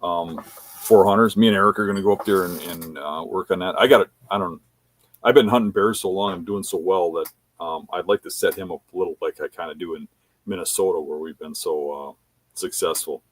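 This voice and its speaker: A man's voice: low voice, fairly quick. A man, a podcast guest telling hunting stories in a laid-back, rambling way full of fillers. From Wisconsin. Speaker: podcast guest, bear hunter. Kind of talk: casual anecdotal storytelling.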